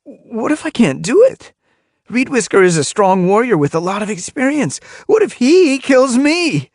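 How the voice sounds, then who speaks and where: A man's voice: medium pitch, very animated, normal speed, slightly rough, no echo, studio quality, pitched above the performer's own voice. A man voicing a nervous young male warrior cat who stammers anxiously in an audiobook. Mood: panicked.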